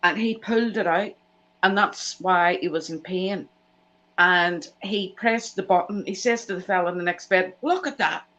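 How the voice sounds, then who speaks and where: Woman telling lively stories. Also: lowish voice, moderate pace, lo-fi sound. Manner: animated anecdote teller, acts out quoted voices. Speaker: live chat host. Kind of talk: casual storytelling chat.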